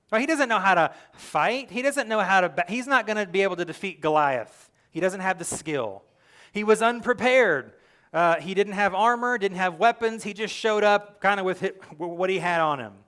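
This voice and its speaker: A young adult male pastor giving a sermon, telling the story with lively, acted-out quotes and earnest direct address. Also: high voice. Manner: animated storytelling, acting out quoted lines.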